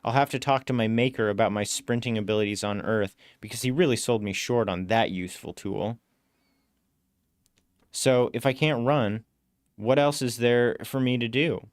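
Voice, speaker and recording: List: man, story narration, smooth clear voice, dry close sound. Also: mid-range voice, normal speed, dry recording. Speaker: story reader. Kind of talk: first-person story narration.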